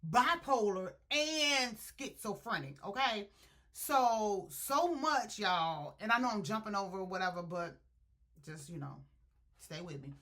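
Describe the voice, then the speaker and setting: In an animated, slangy plot recap packed with spoilers, a female book reviewer talks her viewers through a novel. Her voice is medium in pitch, bright and forceful, and she keeps breaking into quick impressions to act out what the characters say.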